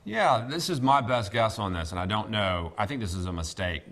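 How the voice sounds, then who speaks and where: A man teaching a classroom Greek lesson, speaking deliberately with many pauses and fillers. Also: on the low side, expressive, fairly bright tone. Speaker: seminary professor.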